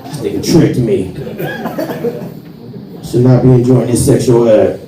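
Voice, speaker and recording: A man with a St. Louis accent doing a stand-up comedy set, animated, swinging between loud and soft and acting out characters. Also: medium pitch, unhurried, over a noisy crowd. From St. Louis, USA. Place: comedy club stage with audience. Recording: roomy club sound from a distance, audience noise.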